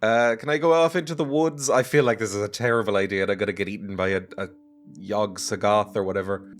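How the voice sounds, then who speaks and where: A man playing a game and chatting casually, joking and laughing as he goes. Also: on the low side. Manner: chatty, jokey, laughs often. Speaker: let's play gamer. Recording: music playing behind.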